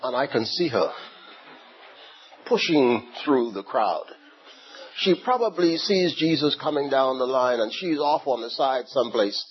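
Male preacher, lively pitch, unhurried delivery, dull lo-fi recording with faint room ambience. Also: slight background noise. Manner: slow, animated storytelling with repeated words. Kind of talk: sermon.

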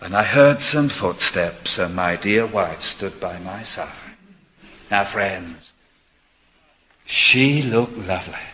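An older man preaching a sermon, moving between quiet, confiding asides and ringing, emphatic proclamation. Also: sits low, slow pace, slight background noise. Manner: swings from soft confiding asides to emphatic declamation. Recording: long hall reverb.

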